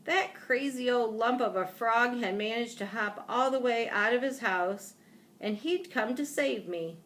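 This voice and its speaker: A woman reading a children's chapter book aloud, unhurried and expressive on the exclamations. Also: on the high side. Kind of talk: storybook read-aloud.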